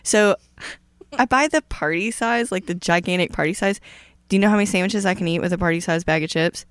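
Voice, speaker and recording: A woman co-hosting a podcast in casual chat, blunt and animated, swearing a lot. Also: fairly low pitch, brisk, no echo, clean studio sound. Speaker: podcast co-host.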